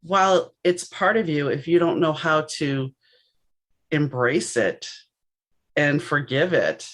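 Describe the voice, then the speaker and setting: A woman from New Orleans hosting a podcast, chatting in a reflective, animated way. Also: low-pitched, takes it slowly. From New Orleans, USA. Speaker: podcast host. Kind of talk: casual interview chat.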